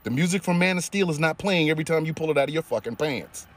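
A man delivering a heated commentary rant, swearing heavily and pushing his voice up into loud peaks. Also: fairly high pitch, lively intonation, fast. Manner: heated, heavy swearing, rising into shouty peaks. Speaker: commentator reacting to clips. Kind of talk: profane rant.

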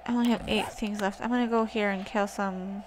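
A woman's voice: mid-range voice, fairly even intonation, a little fast. A woman casually commentating her gameplay, swearing often and talking back to the zombies. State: wearing a wrist brace. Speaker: gaming channel host. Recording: noisy home recording.

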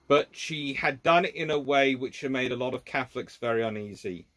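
A man's voice: mid-range voice, a bit bright. A man hosting a live history Q&A, reading out viewers' questions and answering them off the cuff, thinking aloud with restarts and laying out his points as A and B.

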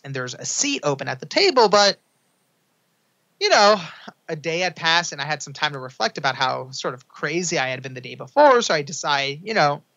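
A young man, an author guest on a podcast, telling a story with energy and acting out the quoted lines in a higher, excited voice. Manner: acts out quotes in a high excited voice. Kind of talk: animated storytelling. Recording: dull lo-fi sound.

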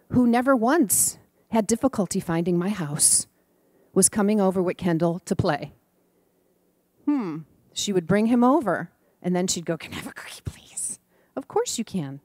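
Middle-aged woman, lively sermon storyteller, dry close mic. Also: medium pitch, no room sound. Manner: animated storyteller, acts out voices, laughs often. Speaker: student minister giving a talk.

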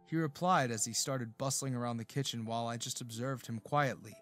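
Expressive male story narrator. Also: medium pitch, brisk, soft background music. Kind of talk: first-person romance story narration.

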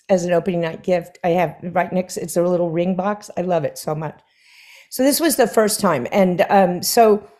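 A woman singer chats as a guest on stage, with a voice sitting a little low for a woman. She tells her stories with animation. She slips into the voices of the people she quotes and laughs along the way. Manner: animated storyteller who acts out quoted dialogue with laughs. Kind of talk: conversational anecdote telling. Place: stage conversation before an audience.

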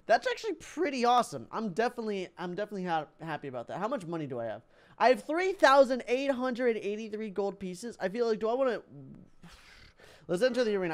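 A young man giving excitable let's-play commentary, thinking aloud and laughing as he plays. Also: sits high, fairly quick, faint music behind. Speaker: gaming YouTuber.

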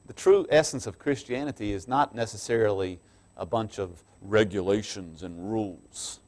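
A pastor preaches a sermon in church, shifting between quiet asides and loud, emphatic passages and laughing between lines. His voice is lowish and his pace moderate.

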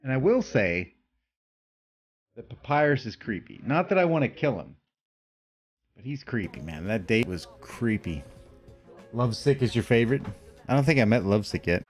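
A man commentating a video game as he plays, excitable and panicky, talking to himself, with game music behind him. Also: mid-range voice, normal speed, long pauses. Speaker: let's play host.

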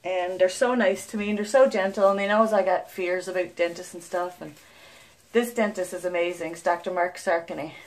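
A young woman from Newfoundland, Canada, with a lowish voice and fairly even intonation, talks a little fast in her chatty vlog. She's a mother, and her Newfoundland English accent is thick. She rambles through her stories, swears freely, and breaks into laughter often.

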